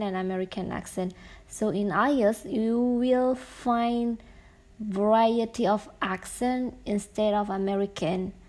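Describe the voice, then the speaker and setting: Slow, halting woman teacher. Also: medium pitch, a little mellow, rough recording. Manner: slow, halting explanation with many fillers. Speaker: English teacher. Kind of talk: online class lecture.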